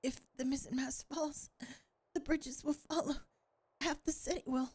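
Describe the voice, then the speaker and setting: A woman voicing a desperate ally who urgently begs for help in a hushed voice, reading game lines aloud. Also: high-pitched, steady tone, a little slow, voice pushed up. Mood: pleading.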